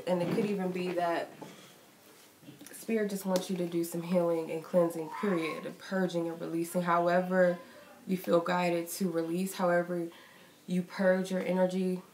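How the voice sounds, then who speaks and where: A woman's voice: on the low side, a little mellow. A woman giving a casual, rambling tarot reading. She says she is getting sick and is a little out of breath. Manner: chatty and reflective, loose rambling phrasing. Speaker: tarot reader. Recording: echoey room with faint noise.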